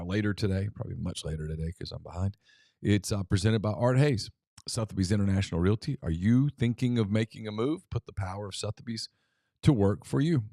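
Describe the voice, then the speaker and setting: A man co-hosting a sports talk show, reading sponsor ads and chatting in a relaxed way, with fillers. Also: on the low side, dry recording, clean studio sound. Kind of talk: live ad reads and casual chat.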